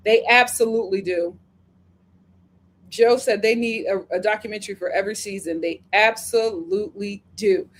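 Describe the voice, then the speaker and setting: At a moderate pace and with a mid-range voice, a woman hosts a casual review stream, reading viewer comments and narrating dramatically and with animation between bits of chat.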